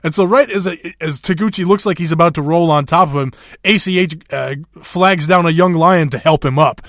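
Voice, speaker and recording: A podcast host talks wrestling in a relaxed, casual way, cursing freely and dropping in lots of fillers and laughs. His voice sits slightly high with a fairly bright tone and moves a bit quickly. The recording is studio quality with no room sound.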